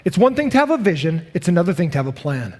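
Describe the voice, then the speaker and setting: A man preaching a sermon as pastor, animated and acting out the voices of the people he quotes. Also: on the high side, fast. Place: church sanctuary. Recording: long hall reverb.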